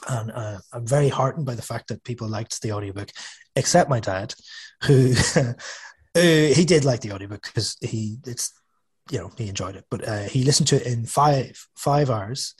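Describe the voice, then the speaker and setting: Husky-voiced man, chatty. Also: medium pitch, normal speed. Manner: chatty and self-deprecating, with frequent restarts and asides. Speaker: author and podcast guest. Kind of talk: casual conversational interview. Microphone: studio podcast microphone.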